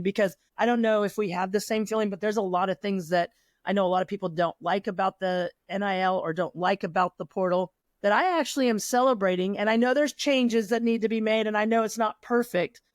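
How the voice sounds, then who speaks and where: Middle-aged woman host, casual and rambling, mid-pitched, dry close mic. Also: dry recording. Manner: rambling, lively storytelling with quoted dialogue. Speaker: podcast host, former pitcher and coach. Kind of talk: casual interview chat.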